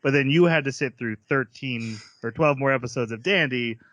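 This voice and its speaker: A man's voice: mid-range voice, normal speed, fairly bright tone, dry recording. A man hosting a casual podcast, rambling and restarting his sentences, laughing often. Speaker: podcast host. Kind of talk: casual chat.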